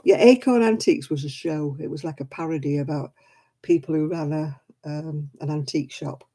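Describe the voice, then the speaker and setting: A woman with a Lancashire accent chats on her live crafting stream, answering viewers as she works. Her voice is mellow and warm. She laughs easily and keeps the talk relaxed. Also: low voice, moderate pace. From Oldham, England. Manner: chatty, answers viewer comments, laughs often. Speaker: crochet vlogger. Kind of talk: casual live-stream chat while crafting.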